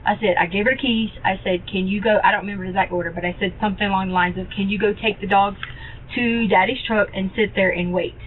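A woman's voice: mid-range voice, steady tone. Rambling woman on tinny archive audio. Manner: rambling, halting, many fillers and restarts. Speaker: interviewee. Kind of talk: recorded police interview. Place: police interview room. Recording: tinny phone-like archive audio with faint hiss.

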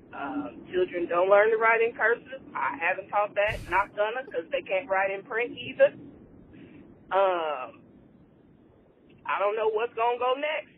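A woman calling in to a podcast, talking in a blunt, joking, exasperated way over a phone line. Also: on the high side. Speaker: caller. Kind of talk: voicemail to a podcast. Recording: tinny phone line with faint noise.

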